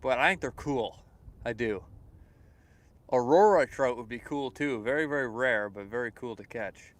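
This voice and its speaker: Streaming his fishing trip by the water at sunrise, a young Canadian man talks in a mid-range voice at normal speed. He's relaxed and chatty, reading viewers' messages aloud, responding, and filling gaps with lots of fillers.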